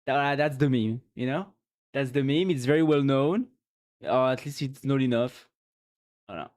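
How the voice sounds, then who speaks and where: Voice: mid-range voice, normal speed, darkish tone. A streamer from France, speaking English with a French accent and French as their first language, chatting playfully with viewers late at night while tired. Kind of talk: casual late-night live-stream chat.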